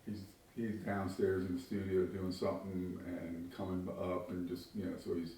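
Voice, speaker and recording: A man's voice: deep voice, completely flat delivery, normal speed, dark tone, a little hiss or hum. A man who works construction speaks casually in a documentary interview, rambling and correcting himself as he goes. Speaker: construction worker and Kenny's host parent. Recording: very echoey room, distant mic.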